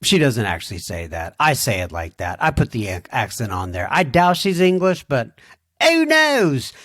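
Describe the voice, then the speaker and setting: A man's voice: lowish voice, very animated, normal speed, fairly bright tone, no room sound, clean studio sound. A man hosting a recovery podcast, reading out listener emails and chatting about them in a folksy way with lots of fillers. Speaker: podcast host.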